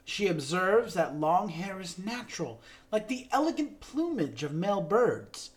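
A man's voice: high voice, a little slow. Man co-host reading a synopsis. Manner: steady scripted reading. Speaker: podcast co-host.

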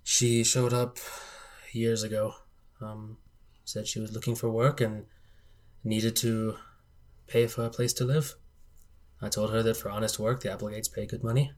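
Grieving old noble guy, formal and quiet, a man voicing him. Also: lowish voice, little pitch movement, close to an everyday voice. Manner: formal, measured, subdued.

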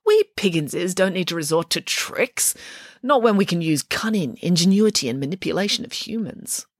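A woman's voice: fairly low pitch, animated, moderate pace, no room sound, clean studio sound. A woman voicing a bossy, theatrical pig nanny in an audiobook, talking with grand confidence. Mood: grandly explaining. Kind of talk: audiobook character reading.

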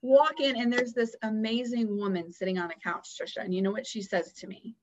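A woman guest on a podcast, telling a personal story in an earnest, animated way. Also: mid-range voice, brisk, muffled recording, background noise. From Houston area, US. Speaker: guest, founder of a nonprofit.

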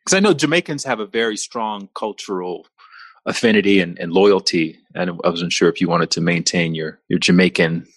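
A man's voice: deep voice, normal speed, no echo, clean studio sound. A man hosting a podcast, introducing his guest and then interviewing her in a friendly, teasing way. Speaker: podcast host.

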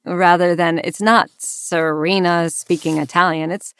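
An enthusiastic actress and casting director chatting as a guest, laughing easily. Her voice sits slightly low for a woman. The recording is dry and close. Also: steady tone, unhurried, fairly bright tone, smooth, no room sound. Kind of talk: casual interview chat.

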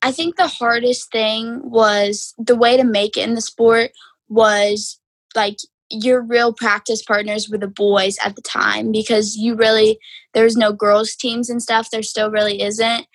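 A woman's voice: fairly high pitch, level tone, a little slow, husky, dry recording. A teenage girl, answering interview questions in an easygoing way, full of "like" fillers. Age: teens. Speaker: guest, high school wrestler.

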